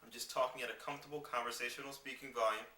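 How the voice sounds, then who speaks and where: A man giving a singing lesson, explaining clearly and demonstrating vocal scales on simple syllables. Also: medium pitch, fairly even intonation, very fast, distant mic. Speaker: singing teacher. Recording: roomy sound with piano behind. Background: piano accompaniment.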